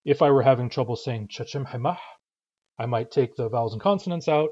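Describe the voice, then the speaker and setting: A man with a mellow, relaxed tone teaches a language lesson, patiently counting out syllable rhythms aloud. The recording sounds a little dull and lo-fi. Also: mid-range voice, fairly quick, breathy edge.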